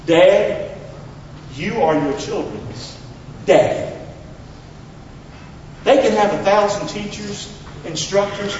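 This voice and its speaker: A man preaching a Father's Day sermon in a church, leading call-and-response and swinging between loud exhortation and hushed asides. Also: sits high, expressive, unhurried, pauses often, slight background noise. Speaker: pastor. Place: church sanctuary. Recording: very echoey hall, distant mic, slightly dull.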